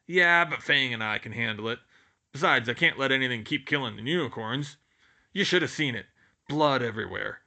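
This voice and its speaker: A man voicing a huge, gruff but gentle older male gamekeeper who talks loudly in a blunt, folksy dialect. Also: medium pitch, animated, fairly quick, heavily acted. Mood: gruff worried. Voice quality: loud, gruff rural-sounding dialect.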